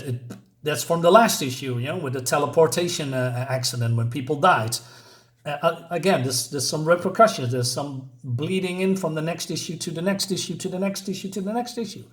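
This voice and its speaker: A man's voice: fairly high pitch, a little fast. A man casually reviewing a comic book, rambling, laughing often and talking through the panels.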